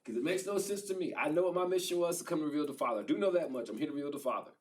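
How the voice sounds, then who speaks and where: A man's voice: on the high side, racing, far from the mic, natural voice. A man casually voicing Jesus, stressed and resigned. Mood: pleading, resigned. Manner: casual, slangy retelling with laughs. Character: Jesus, adult man, stressed yet surrendering.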